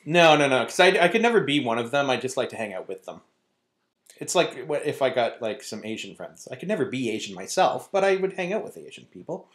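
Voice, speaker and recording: A man co-hosting a comedy podcast, trading dry deadpan quips and laughing often in casual banter. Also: medium pitch, a little fast. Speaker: podcast co-host.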